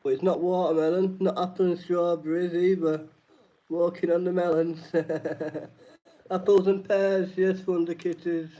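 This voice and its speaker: A man's voice: sits high, level tone, measured pace, dark tone. A man hosting a live-stream trivia night, reading each question twice and greeting chat viewers by name. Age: adult. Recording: dull lo-fi stream audio.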